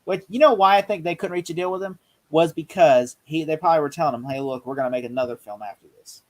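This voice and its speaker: A man co-hosting a casual movie review chat, rambling excitedly and acting out quotes. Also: fairly high pitch, quick pace, low-quality recording. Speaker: podcast co-host.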